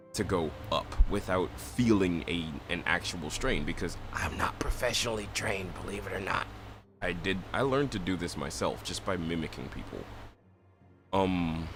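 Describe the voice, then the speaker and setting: A man casually explaining how he does voices, rambling and correcting himself, with music playing behind. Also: sits low. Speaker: voice-acting hobbyist reading game dialogue.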